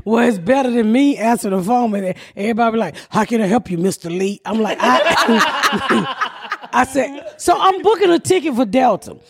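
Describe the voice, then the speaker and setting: Brief: gravelly woman comedian, brash profane storyteller, casual podcast chat. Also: on the high side, lively intonation, normal speed.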